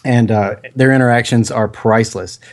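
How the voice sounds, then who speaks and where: A man's voice: medium pitch, normal speed. An American man hosting a film podcast, casually listing his reasons and joking along the way. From United States. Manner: relaxed, listing points, joking.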